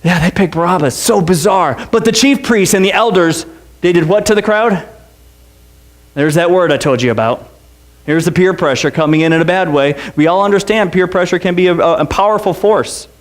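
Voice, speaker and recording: A male pastor with an unusually high voice delivers a lively sermon. He jokes with his congregation and breaks into shouted impressions of the crowd and the characters. The sound is of a church service. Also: normal speed. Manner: animated, joking storyteller who acts out the crowd and Pilate. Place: church sanctuary.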